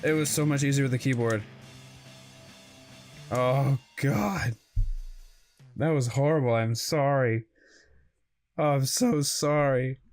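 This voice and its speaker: Let's-play host, man, mid pitch, exclaims and apologizes a lot, self-mocking. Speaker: gaming video host.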